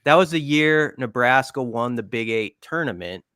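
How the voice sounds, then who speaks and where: A man's voice: medium pitch, animated, normal speed, bright, forceful tone, smooth, no echo, clean studio sound. A man co-hosting a sports podcast, asking questions in an eager, fan-like way with fillers. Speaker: podcast co-host. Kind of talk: casual podcast interview.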